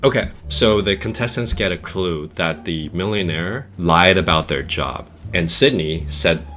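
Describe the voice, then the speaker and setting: Deep-voiced man reacting with slangy commentary. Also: unhurried, a little hiss or hum. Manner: animated, laughs often, slangy. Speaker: dating coach reacting to a reality show.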